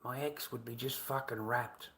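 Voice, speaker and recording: A man's voice: mid-range voice, steady tone, moderate pace, vocal fry, a bit bright, low-quality recording. An Australian man in a casual livestream rant who swears and keeps repeating himself in an aggrieved way.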